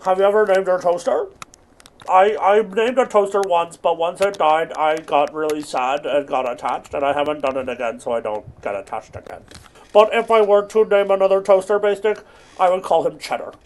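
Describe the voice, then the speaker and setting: A man in his thirties giving absurdist comedy commentary while playing a game, rambling through offbeat deadpan jokes. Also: high voice, moderate pace, slight background noise. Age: 30s. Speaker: gaming video host.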